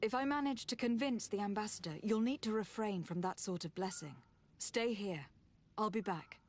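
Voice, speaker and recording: A composed female envoy, voiced by a woman in a video game, calm and measured as she weighs her options. Her voice sits at a middling pitch. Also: lightly acted.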